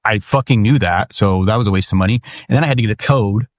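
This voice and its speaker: A man's voice: on the low side, fast talker, no echo. A man in his thirties or forties hosting his own podcast, talking candidly and rambling with profanity and restarts. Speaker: podcast host. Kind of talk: casual solo monologue.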